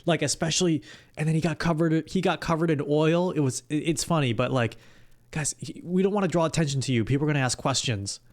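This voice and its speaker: A man's voice: a little high, fast talker. A man streaming live, talking casually in improvised role-play with frequent stammering restarts.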